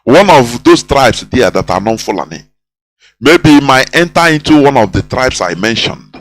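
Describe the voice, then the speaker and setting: A man's voice: medium pitch, sing-song, moderate pace, poor audio. A man hosting a radio talk show, delivering an impassioned monologue full of repetition and rhetorical questions. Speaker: radio host.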